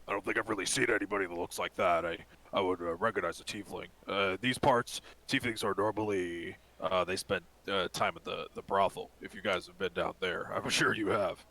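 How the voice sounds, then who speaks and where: A shifty half-orc bartender, greedy and evasive, mumbling and stammering through his answers, as a man plays him at the game table. The voice is lowish and bright, with a forceful edge. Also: fairly even intonation, fairly quick, hardly any pauses.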